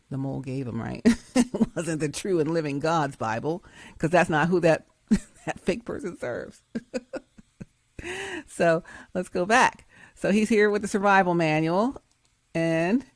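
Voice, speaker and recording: A woman's voice: fairly low pitch, no echo, clean studio sound. Emphatic woman preaching over cartoon clips. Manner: emphatic, preachy, laughs often. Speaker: host. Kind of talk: casual preachy commentary.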